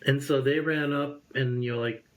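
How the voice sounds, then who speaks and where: Man, fifties, interview guest, animated storyteller, plain mid-range voice. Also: mid-range voice, normal speed. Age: 50s.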